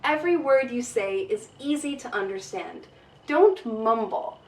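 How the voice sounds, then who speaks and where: A woman teaching an English speaking lesson, with a clear, emphatic delivery. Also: on the high side, expressive, measured pace, roomy sound, far from the mic, poor audio.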